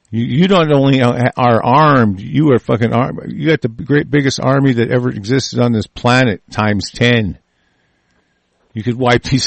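A man talking in an angry, profane monologue, swearing constantly, breaking into shouted outbursts and stumbling over restarts. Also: medium pitch, vocal fry, no room sound.

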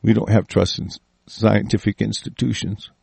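A man reading lines aloud and answering them in a profane, angry rant, swinging between loud outbursts and low muttering. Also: little pitch movement, normal speed, vocal fry, slightly rough, no echo. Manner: reads lines aloud then rants with heavy swearing. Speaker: vlogger reacting to a text.

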